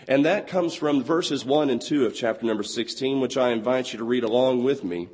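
A man in his twenties preaching a sermon with a hoarse, husky voice he has partly lost, reading scripture slowly and deliberately. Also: medium pitch, a little mellow, slight background noise. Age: 20s. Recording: long hall reverb.

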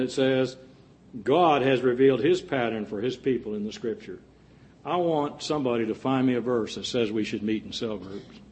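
A man's voice: medium pitch, a little mellow. A male preacher giving an earnest sermon, with folksy jokes and asides to the congregation.

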